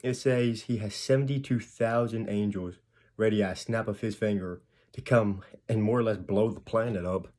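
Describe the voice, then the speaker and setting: A man casually retelling and explaining a Bible chapter, acting out the people in the stories with quick voices. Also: on the low side, steady tone, a little mellow. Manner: chatty, retells scenes with quick acted voices. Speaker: Bible video host.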